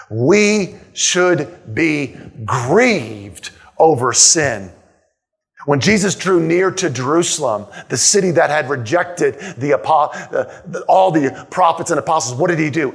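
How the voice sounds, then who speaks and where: A male pastor preaching a sermon in a church, emphatic, repeating key lines and asking rhetorical questions. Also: a little high. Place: church sanctuary.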